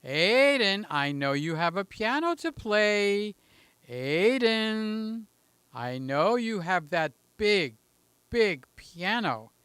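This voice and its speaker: A man's voice: sits high, very animated, slow, a bit bright, clear, resonant tone, no echo. A man in his late sixties hosting a live stream, chatting casually and greeting viewers by name in a rambling way. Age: 60s. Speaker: livestream host.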